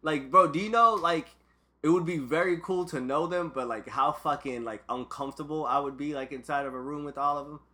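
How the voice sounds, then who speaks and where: A man's voice: a little high, a little fast, bright, forceful tone. A young man chatting casually as a podcast co-host, rambling with many fillers and laughing often. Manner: loose, rambling, frequent "like" fillers, laughs a lot. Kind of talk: casual chat.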